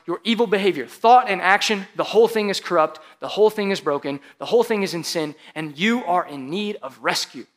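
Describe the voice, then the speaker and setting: A man with a high voice preaches a casual, conversational sermon to a live congregation. He sounds informal and talkative, leaning on "like" and teasing the room as a pastor would with his regulars. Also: fairly bright tone. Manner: casual, chatty preaching with frequent "like" and audience banter. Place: church service before a live congregation.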